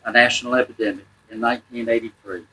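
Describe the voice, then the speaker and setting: A man's voice: medium pitch, fast, slight background noise, low-quality recording. A man, a former detective, talking to an audience about his books and his work, acting out the people he quotes. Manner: animated storyteller, acts out quoted people. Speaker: retired detective and author. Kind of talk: promotional talk addressed to an audience.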